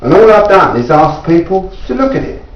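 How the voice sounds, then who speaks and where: A man's voice: sing-song, brisk, slight background noise. Earnest English man in an echoey room. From England. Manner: insistent, repetitive, rising in pitch when pleading. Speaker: self-taught inventor. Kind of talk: earnest appeal to viewers. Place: indoors at home. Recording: echoey room, distant mic, dull lo-fi sound.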